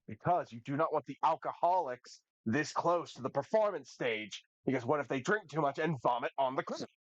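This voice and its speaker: A man's voice: on the high side, lively intonation, fairly quick, no room sound. A man puts on a fussy, disapproving young man in a tabletop game who cannot stop micromanaging and talks in a stiff, prim way. The recording is dull and lo-fi, and the sound is dry and close.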